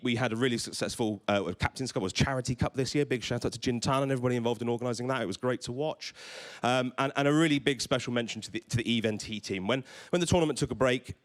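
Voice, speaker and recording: Male presenter, conference talk before a live crowd, eager, trips over his words, mid-pitched voice. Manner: enthusiastic, stammers and repeats words. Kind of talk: conference talk with audience questions. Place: event stage before a live audience.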